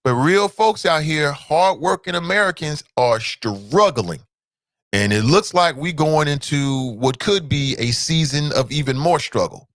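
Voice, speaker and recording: A male talk show host from Cincinnati, delivering animated solo commentary full of repeated rhetorical questions and sudden high exclamations. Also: a little slow, dry recording, clean studio sound. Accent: Cincinnati, Ohio.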